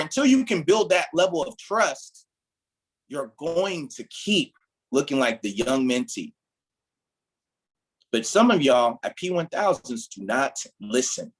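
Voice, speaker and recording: Husky, animated man giving a pep talk. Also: on the high side, poor audio. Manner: emphatic, repeats "right?", preachy build-ups. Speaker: team leader and mentor. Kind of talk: motivational training talk.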